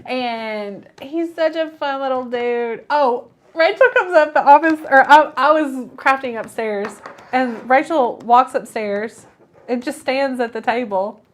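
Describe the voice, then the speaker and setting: A woman's voice: sits high, a little slow. A woman in her thirties co-hosting a craft show, telling family stories in casual chat and laughing often. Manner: chatty storyteller, laughs often.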